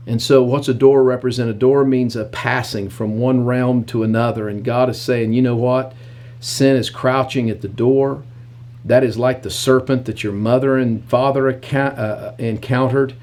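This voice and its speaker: A man preaching a sermon in animated storytelling, acting out the characters as he goes. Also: medium pitch, moderate pace.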